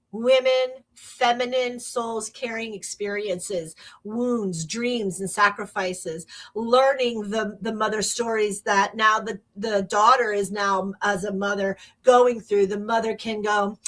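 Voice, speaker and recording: A woman's voice: mid-range voice, a bit bright. A middle-aged woman hosting a casual spiritual talk, rambling with restarts and acting out quotes. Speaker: host.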